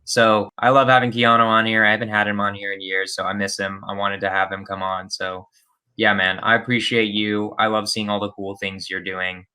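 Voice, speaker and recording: Young guy hosting a podcast, low voice but bright and punchy, keeps saying right?. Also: brisk, smooth. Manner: energetic, upbeat, says "right?" a lot. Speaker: podcast host. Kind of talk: casual interview chat.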